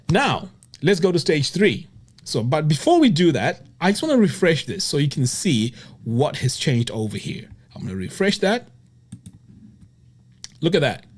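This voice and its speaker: In a screen-recorded web design tutorial, a man guides viewers through each step enthusiastically, punctuating his progress with exclamations like "boom" and "look at that."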